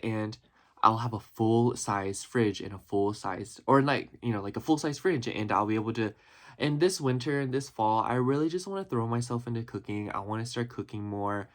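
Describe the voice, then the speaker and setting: Low-ish guy vlogging, rambly and heartfelt, lots of "you know", kinda emotional. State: emotional, near tears at times. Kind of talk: reflective casual vlog talk.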